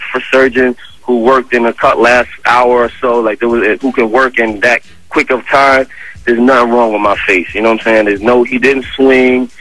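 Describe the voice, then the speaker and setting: A man with a New York accent, a guest on a radio show, telling a story in a casual, animated way full of slang and fillers. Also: mid-range voice, no room sound, low-quality recording. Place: radio studio. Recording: dry radio studio.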